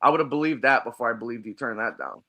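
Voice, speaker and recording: A man's voice: medium pitch, animated, quick pace, sharp tone. A man giving crude, mocking commentary, swearing often and sounding openly incredulous.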